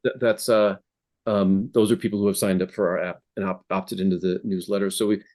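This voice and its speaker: A man's voice: low voice, level tone, a little fast, darkish tone. A man speaking as a guest in a casual interview over a video call from his home office, hesitant with frequent restarts. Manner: hesitant, many restarts and fillers. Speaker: app founder guest.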